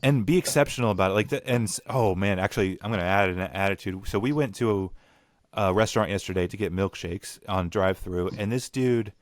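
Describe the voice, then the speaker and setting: A man's voice: on the low side, fairly quick, no echo. A young man hosting a casual podcast chat, ranting bluntly and swearing. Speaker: podcast host.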